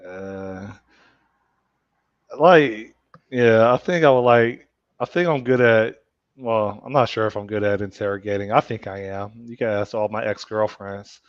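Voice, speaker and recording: A man's voice: lowish voice, measured pace, no room sound. A middle-aged man hosting a podcast, chatting casually in a playful, joking way. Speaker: podcast host. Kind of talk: casual chat. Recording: dull, dry lo-fi sound.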